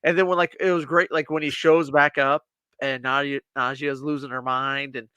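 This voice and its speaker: A man co-hosting a podcast, casually and excitedly retelling scenes from a TV show in a rambling way. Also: medium pitch, normal speed, clear, resonant tone, dry recording. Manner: excited, rambling, quotes characters. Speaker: podcast co-host. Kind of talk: casual chat, retelling episodes.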